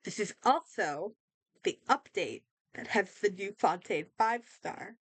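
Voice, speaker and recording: A young woman hosting a casual reaction video, excitable and rambling, with lots of fillers and restarts, a little sick. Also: mid-range voice, measured pace, breathy edge, dry recording. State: slightly sick. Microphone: desk microphone.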